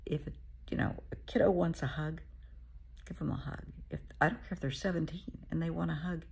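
A low-pitched, deeply gravelly woman speaks as a therapist giving a motivational talk. Her voice is very husky and breathy, often dropping to a half-whisper. She is middle-aged and addresses the listener as honey. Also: normal speed, long pauses, a little mellow.

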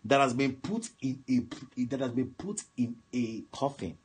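A man preaching on a prayer line, swinging from soft murmurs to shouted commands and speaking in tongues. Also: mid-range voice, animated, measured pace, slightly rough. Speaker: pastor. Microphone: phone line broadcast.

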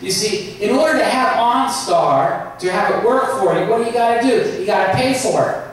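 A pastor preaching a sermon with emphasis, drawing out some phrases slowly. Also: male voice, high voice, animated. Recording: echoey hall, mic far off.

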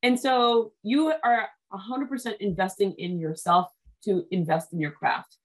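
An eager woman host chats over a video call, keen and talkative. She runs on in long stretches and restarts her sentences in a hurry as ideas come. Her pitch sits in an everyday middle range. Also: steady tone. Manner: enthusiastic, talks at length with quick restarts. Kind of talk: casual interview chat.

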